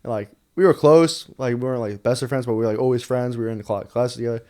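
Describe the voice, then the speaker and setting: A young man with a New York accent, a podcast guest telling stories in casual, animated chat with lots of swearing. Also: medium pitch, clear, resonant tone. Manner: rapid, animated storytelling with frequent swearing and laughter.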